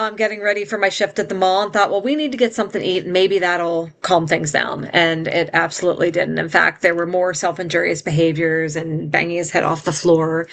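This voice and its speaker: A woman's voice: lowish voice, a bit bright. A middle-aged woman telling a painful personal story as an interview guest, in an earnest, heartfelt way.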